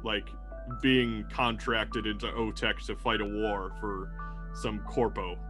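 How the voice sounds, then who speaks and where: A man's voice: on the low side, little pitch movement, slow, music in the background. A man narrating as game master for a tabletop game, casual and rambling, laughing often and swearing freely.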